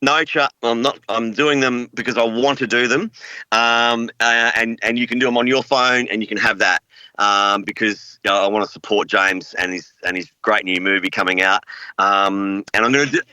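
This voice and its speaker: A man's voice: medium pitch, fairly even intonation, moderate pace, bright, forceful tone, smooth, no echo, rough recording. A middle-aged Australian man, a voice actor guest, talking earnestly in a rambling, filler-heavy way. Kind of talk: casual interview chat.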